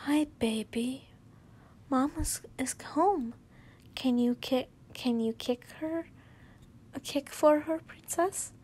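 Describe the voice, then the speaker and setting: A woman's voice: sits high, slow, darkish tone, voice pushed up. A woman doing a doting, cooing young wife. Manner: sweet and cooing, with stumbling restarts.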